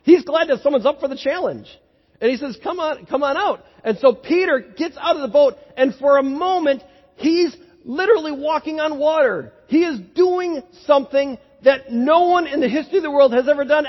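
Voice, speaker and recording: A man preaching a sermon as a pastor, telling the story in an animated way that builds to excited peaks. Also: extremely high pitch, a little fast. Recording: dull lo-fi sound with long hall echo.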